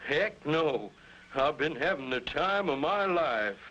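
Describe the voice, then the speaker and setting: A man's voice: a little high, sing-song, slow pace, pushed and bright, a little hiss or hum, exaggerated voice. An actor playing a worried middle-aged male rancher and father in a 1950s cartoon. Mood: jovial. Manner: anxious, pleading. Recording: dull lo-fi old cartoon soundtrack.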